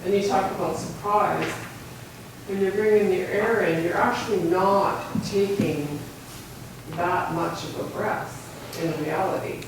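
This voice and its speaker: A woman's voice: fairly low pitch, unhurried. A woman taking part in a singing workshop asks a hesitant, searching question. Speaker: workshop participant. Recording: distant mic in a very echoey room, with noise.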